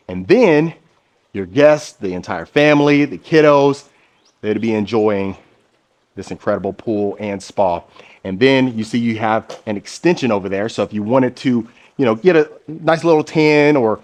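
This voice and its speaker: A man's voice: medium pitch, reverberant, long reverb tail. A man hosting a home tour, narrating room by room with upbeat, salesy enthusiasm.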